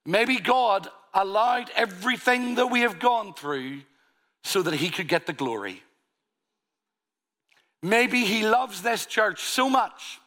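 A man's voice: high-pitched, bright, forceful tone. A man preaching a sermon, earnest and full of rhetorical questions. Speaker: pastor.

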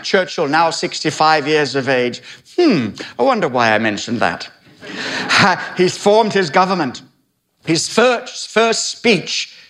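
A man's voice: fairly high pitch, fairly bright tone. A man in his sixties preaching a sermon, telling history with dramatic delivery and wry asides. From Britain.

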